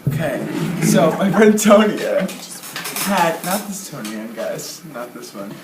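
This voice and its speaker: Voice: mid-range voice, very animated, slow pace, over loud music. A young adult co-host telling a story in casual chat, full of "like" and "okay" fillers. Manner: chatty, frequent "like" and "okay" fillers. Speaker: podcast co-host. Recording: echoey room with faint hiss.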